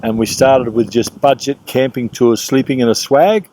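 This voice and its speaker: Laid-back Australian man, mellow voice. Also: mid-range voice, moderate pace, slight background noise. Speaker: tour operator. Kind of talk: casual interview.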